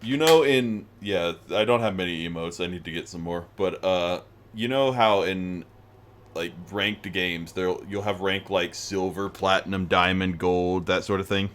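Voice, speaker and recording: A man's voice: deep voice, measured pace, fairly bright tone. A man hosting a casual gaming stream, rambling with restarts and tangents as he thinks aloud.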